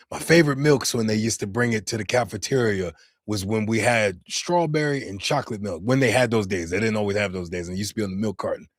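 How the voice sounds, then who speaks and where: A man hosting a casual livestream chat from his home in Finland, reading and reacting to the live chat in a lively, talkative way. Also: on the low side, no echo, clean studio sound. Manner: animated, chatty, laughs and exclaims often. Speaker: livestream host.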